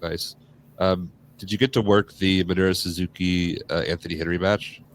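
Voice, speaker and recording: A podcast host with a very low voice chats casually, leaning on "like" as a filler. He sounds relaxed and loose rather than scripted. A faint hiss sits behind him. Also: moderate pace. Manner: loose, filler-heavy, frequent "like". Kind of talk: casual interview chat.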